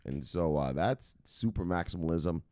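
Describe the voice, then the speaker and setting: A man's voice: low-pitched, lively intonation, moderate pace, mellow, no echo. An American man hosting a crypto news show in casual, profane, rambling commentary with mock dramatic voices.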